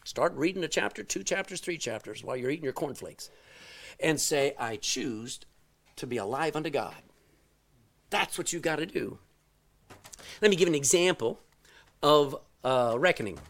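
Animated preaching man, lively pitch. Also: normal speed, vocal fry. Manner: animated storytelling, swings from loud exclamations to quiet asides. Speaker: pastor. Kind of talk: sermon.

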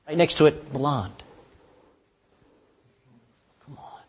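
A man preaching a sermon as pastor, impassioned and pleading, with sudden drops to a hush. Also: fairly high pitch, expressive, slow, husky.

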